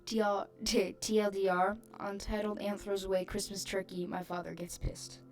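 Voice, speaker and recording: A woman's voice: mid-range voice, little pitch movement, normal speed. A woman hosting her channel, reading a rhyming online post aloud with amused, giggly asides.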